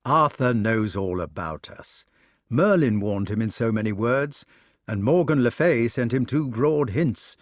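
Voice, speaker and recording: A man's voice: medium pitch, expressive, measured pace, no echo, clean studio sound, lightly acted. A man reading an audiobook, voicing an earnest, brooding knight who pleads with his love. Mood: defensive.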